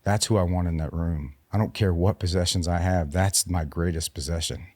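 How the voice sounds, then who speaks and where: A man in his forties, a podcast guest and military veteran, telling his personal story in a halting, subdued way, with frequent restarts. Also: low voice, a little mellow, no echo.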